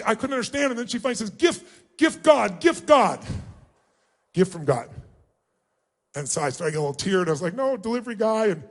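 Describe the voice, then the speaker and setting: A man giving a motivational speech, telling a personal story with emphatic, emotional delivery. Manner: emotional, emphatic storytelling with big pitch swings. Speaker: motivational speaker.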